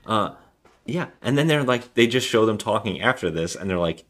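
A man's voice: fairly low pitch, expressive, normal speed, a bit bright. A man co-hosting a casual film review podcast, animatedly retelling scenes and acting out the lines. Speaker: podcast co-host.

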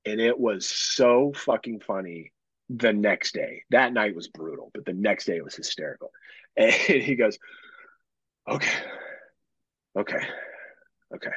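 Husky man telling a rambling story. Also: lowish voice, lively intonation, moderate pace, fairly bright tone, dry recording, muffled recording. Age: 30s. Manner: rambling profane storytelling, many fillers. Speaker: podcast co-host. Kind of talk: casual chat.

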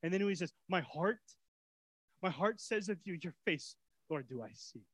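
A man preaching a sermon as pastor in a casual way, swinging from soft, quiet lines to excited shouting. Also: high-pitched, moderate pace, breathy edge, poor audio. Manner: casual preacher's talk with fillers and repeats.

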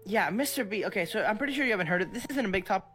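Excitable young podcast co-host, chatty. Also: medium pitch, soft background music. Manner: excitable, laughs often, quick asides. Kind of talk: casual chat.

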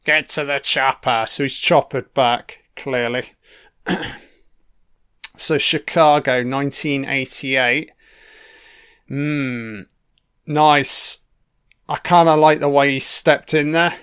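A man's voice: medium pitch, fairly even intonation, slow, long pauses, fairly bright tone, smooth. A man giving a casual, profanity-filled commentary on a film, reacting to scenes as they play. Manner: heavy swearing, chatty reactions.

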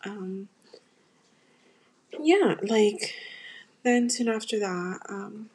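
A young woman from the United States hosts her own podcast and tells a personal story in a casual, confessional way. Her voice is airy and breathy, at a mid pitch, and she speaks to her listeners directly and with open emotion. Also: animated, very slow, a little mellow. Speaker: podcast host.

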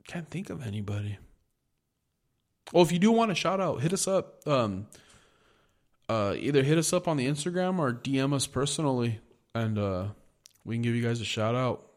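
A man's voice: medium pitch, animated, unhurried, pauses often. A man from the United States co-hosting a podcast, telling rambling, profane stories in casual chat. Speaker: podcast co-host.

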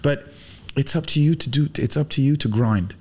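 A man who grew up in the Arab world, talking as a guest in a casual podcast conversation, an animated storyteller who acts out quotes and swears freely. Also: mid-range voice, moderate pace, slightly rough.

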